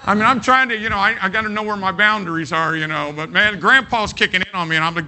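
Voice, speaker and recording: A man's voice: sits high, fast, hardly any pauses, sharp tone. A man preaching a sermon as pastor, emphatic and folksy, often repeating his phrases.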